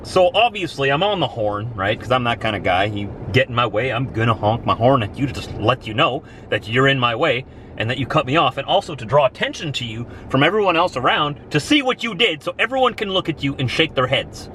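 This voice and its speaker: A man's voice: medium pitch, expressive, fairly quick, pushed and bright, a little hiss or hum. A man driving a truck and vlogging, telling a long story with rising exasperation. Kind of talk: casual vlog rant. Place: in and around a truck, near traffic.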